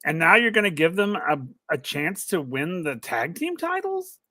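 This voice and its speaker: A man's voice: sits high, huge pitch swings, normal speed, sharp tone, no room sound, studio quality. A man co-hosting a wrestling podcast, venting bluntly in casual chat. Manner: blunt, emphatic, vents with laughs.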